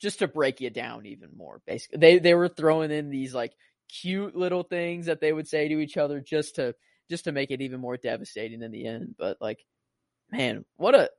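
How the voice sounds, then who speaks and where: A man's voice: fairly high pitch, a little fast, vocal fry, no room sound, studio quality. A young man chatting casually about a film, rambling and full of fillers.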